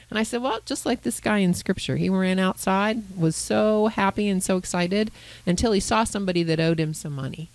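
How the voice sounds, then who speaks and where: A woman, a Christian counselor co-hosting a podcast, retelling a Bible parable in a lively storytelling way. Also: medium pitch, a little fast, low-quality recording. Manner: animated storyteller who voices characters. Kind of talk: conversational Bible teaching.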